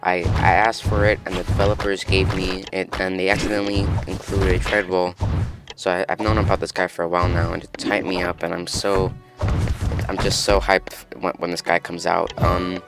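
A man hosting a casual game news update, talking excitably and rambling, often restarting his sentences. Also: low voice, moderate pace, music in the background. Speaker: gaming news host.

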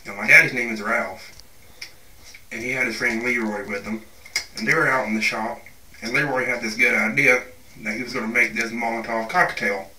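A man's voice: medium pitch, fairly even intonation, normal speed, sharp tone, slight background noise. A man playing a crude, rowdy working-class guy telling a profane, rambling tall tale in a comedic monologue. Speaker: storyteller. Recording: echoey room, far from mic.

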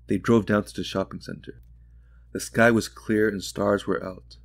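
Low-voiced, calm male audiobook narrator. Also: normal speed, vocal fry, no echo, clean studio sound.

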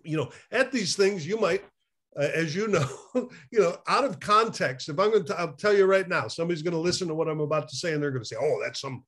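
A man speaking as a recovery therapist in an interview, animated and chuckling as he talks, with hesitant restarts. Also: high voice, fast. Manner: animated, acts out quotes, chuckles often. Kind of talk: conversational interview.

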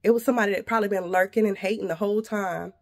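A woman's voice: medium pitch, steady tone, racing. Indignant woman vlogger with a slight lisp. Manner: indignant, addresses viewers directly. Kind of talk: venting to camera.

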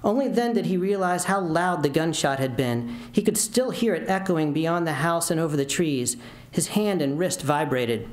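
Reading his own fiction at a university, this man speaks at normal speed with a fairly high pitch and lively intonation. His narration is steady with occasional restarts, and the lecture hall sounds spacious.

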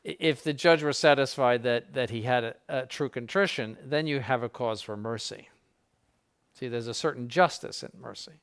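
A man of mid pitch delivers an informal lecture as a bishop teaching clergy. He talks in an earnest, conversational way, stressing his points and acting out quoted examples to make them land. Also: normal speed.

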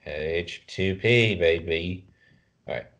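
A man with a very low voice talks casually on a podcast, joking and teasing his co-host as he reels off results. His delivery is loose and offhand, with names tumbling out one after another. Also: takes it slowly, fairly bright tone, slight background noise. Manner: loose, joking banter, rattles off wrestler names.

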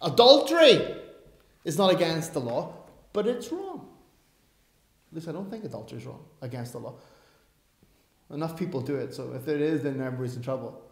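A man's voice: on the high side, expressive, fast talker. A man preaching a sermon, emphatic and given to self-aware asides. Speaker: pastor. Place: church. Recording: roomy church echo.

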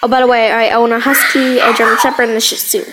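A woman's voice: on the high side, quick pace, loud music behind the voice, low-quality recording. A woman casually commenting over her gameplay as a YouTuber, chatty and rambling, giggling between remarks. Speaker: gaming YouTuber. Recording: steady background noise.

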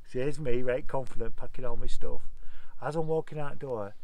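A man's voice: mid-range voice, brisk, a little mellow, rough recording. A man in his forties reminiscing in a chatty, rambling way, telling anecdotes with casual dialect grammar. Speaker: off-grid homestead vlogger.

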